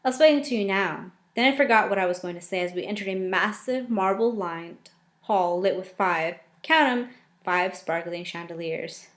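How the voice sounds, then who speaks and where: A woman reading a first-person novel aloud, often breaking off to react with lively, joking asides. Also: fairly low pitch, normal speed.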